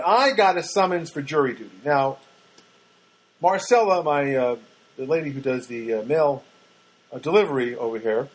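A man's voice: a little high, rough recording. A man talking to camera in a casual, rambling monologue, full of restarts and wry asides. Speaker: vlogger.

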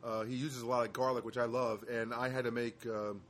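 A man in the middle of his register, rambling through stories in a relaxed casual monologue. He adds dry jokes and pauses often to find his words. A faint noise floor sits under the voice. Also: medium pitch. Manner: rambling storyteller, wry asides, frequent hesitations. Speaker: host of his own live show. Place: studio apartment.

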